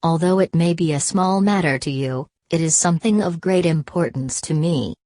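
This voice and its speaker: A woman voicing a calm, confident young male cultivator in an audiobook, speaking unhurriedly. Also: sits low, moderate pace, dry recording, studio quality, close to an everyday voice.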